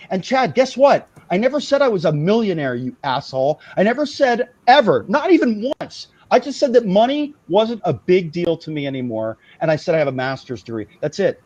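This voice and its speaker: A man hosts a comedy stream in a high, wildly swooping voice. He rants in a heated, profane way, tripping over restarts. The sound is dry and dull, like a cheap webcam mic. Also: a little mellow, no echo. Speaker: host. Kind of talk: improvised comedy livestream rant.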